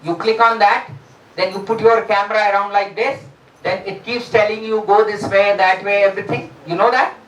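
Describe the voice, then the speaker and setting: A professor from India delivers a university lecture. They quiz the students and hesitate on fillers. The voice sits at an ordinary middle pitch and sounds distant, captured in a roomy lecture hall. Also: steady tone, moderate pace, fairly bright tone. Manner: addresses students with rhetorical questions, frequent fillers. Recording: roomy echo, distant mic.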